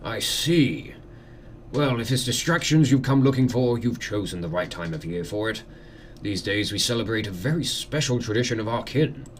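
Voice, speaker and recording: A man voicing a formal male lord of a manor, speaking slowly in a measured, courtly way. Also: lowish voice, expressive, slight background noise, close to an everyday voice. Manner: slow, measured, courtly speech.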